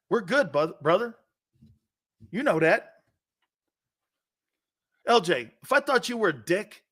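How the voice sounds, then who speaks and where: Bright fairly high guy hosting a football show, swears a lot, laughs easy. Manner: loose, profane, laughs often. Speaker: sports talk show host. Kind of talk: casual sports talk.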